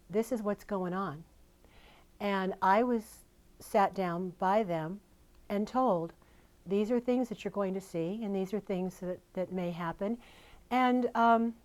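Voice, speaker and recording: A woman's voice: mid-range voice, darkish tone. An older woman, a guest in an interview, speaking in an earnest, emotional and fond way about the past. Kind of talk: candid interview. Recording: radio studio interview.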